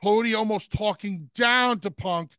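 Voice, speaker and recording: A man co-hosting a wrestling talk show, who talks deliberately and slows down to spell out his points. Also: high-pitched, sharp tone, smooth, no echo, clean studio sound. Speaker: podcast co-host, wrestling analyst.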